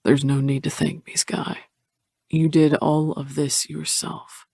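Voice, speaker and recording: A woman voicing a calm, caring young businessman in an audiobook, keeping her voice low and reassuring. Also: moderate pace, creaky, no echo, studio quality. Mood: tender.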